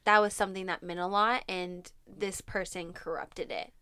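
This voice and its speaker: A young woman, co-hosting a podcast, who talks openly, laughs often and grows animated when retelling events. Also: fairly low pitch, moderate pace. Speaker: podcast co-host. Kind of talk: candid conversation.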